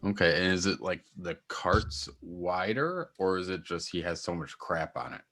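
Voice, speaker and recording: A man's voice: low voice, lively intonation, moderate pace, a bit bright. A man playing a tabletop game, asking hesitant questions of the game master. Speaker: player. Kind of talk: casual tabletop game talk.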